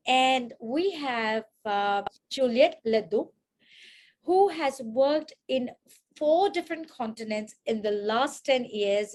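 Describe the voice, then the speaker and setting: High-voiced, effusive woman host. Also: slight background noise. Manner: effusive, encouraging. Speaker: event host. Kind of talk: hosting an online book launch.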